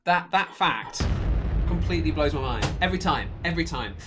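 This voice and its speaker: A man's voice: fairly high pitch, lively intonation, fairly quick, over music. A man co-presenting a live family science show, playful and jokey.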